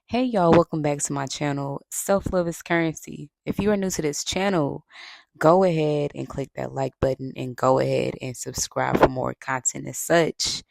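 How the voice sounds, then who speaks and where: A woman hosting her self-love and healing channel, giving relaxed, slangy advice straight to camera and sounding a little out of breath. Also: deep voice, vocal fry, no echo, low-quality recording. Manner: relaxed, conversational, uses slang and fillers. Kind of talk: casual talking-to-camera advice.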